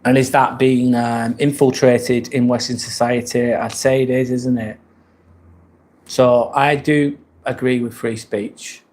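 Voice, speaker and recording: A man with a British accent hosts a casual live stream from indoors. His voice sits at an ordinary middle pitch, and his talk is loose and meandering. He keeps thanking the viewers whose comments he reads. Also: measured pace. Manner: relaxed, rambling, thanks viewers often.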